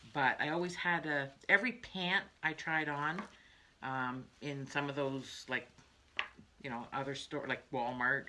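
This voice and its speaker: An older woman rambles through a crafting livestream, her voice low yet bright and forward. She laughs easily and wanders off into little asides. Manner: chatty, laughs often, trails off into asides. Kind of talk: rambling casual chat.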